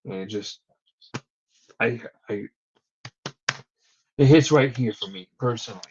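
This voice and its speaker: A man's voice: mid-range voice, a little slow, a little mellow, slight background noise. A young man co-hosting a casual wrestling recap, rambling and swearing as he tells stories. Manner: profane, rambling storyteller. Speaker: podcast co-host. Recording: dull lo-fi recording.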